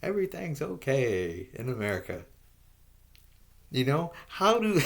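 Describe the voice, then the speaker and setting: A man's voice: big pitch swings, unhurried, vocal fry. Profane, exasperated man ranting solo. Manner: profane, exasperated, repeats rhetorical questions; voice rises and gets louder in bursts, then drops low and soft. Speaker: vlogger. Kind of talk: ranting monologue to camera.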